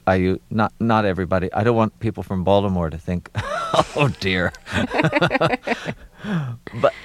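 A middle-aged man from Maryland, an actor being interviewed, talking reflectively with many pauses and fillers and a wry touch. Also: low-pitched, no room sound. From Maryland, USA.

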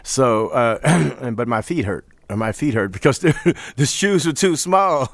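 A man from St. Louis telling stories in an interview, relaxed and often laughing, acting out the voices he quotes. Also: mid-range voice, unhurried, dry recording. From St. Louis, USA. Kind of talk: storytelling interview.

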